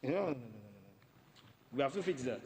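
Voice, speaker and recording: A man's voice: mid-range voice, expressive, a little fast, darkish tone, big-room sound, slight background noise, poor audio. A man giving a parliamentary debate speech, emphatic and repeating words for stress. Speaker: member of parliament. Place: parliament chamber.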